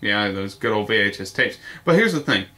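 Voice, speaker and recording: A man's voice: on the low side, animated, brisk, sharp tone. A man talking casually in a video response, rambling with lots of fillers and the occasional swear word. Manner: rambling, nostalgic, with frequent fillers and mild swearing. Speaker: vlogger.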